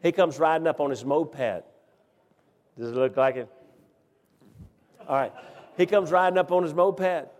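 A man preaches a sermon and tells a story in a folksy, halting way, full of fillers and restarts. His voice sits a little high. A long reverb rings through the large hall. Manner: folksy, halting, grows loud and excited in the story.

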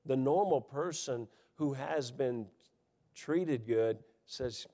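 Animated preacher in an echoing hall. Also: male voice, measured pace. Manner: animated preaching with wide swings in pitch and loudness, folksy asides and chuckles. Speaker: pastor. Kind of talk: sermon. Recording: long hall reverb.

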